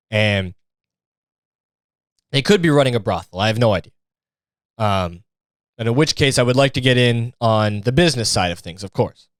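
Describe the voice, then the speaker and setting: With a clean, mid-range voice and no echo, a young man hosts a podcast full of rambling, profane stories. He jokes around and does impressions of people to get laughs in this casual monologue.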